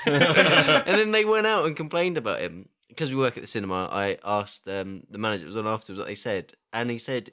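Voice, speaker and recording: A young man, co-hosting a casual film podcast, telling stories in a lively, sweary way. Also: mid-range voice, a little fast, few pauses. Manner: lively, swearing, laughs through his stories. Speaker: podcast co-host.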